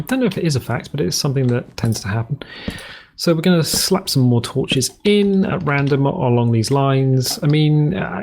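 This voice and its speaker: A man's voice: medium pitch, darkish tone, slight background noise. Guy chatting through his game, jokey and rambling, faint keyboard clicks behind. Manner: rambling, jokey, self-correcting. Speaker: let's play host. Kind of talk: casual gameplay commentary.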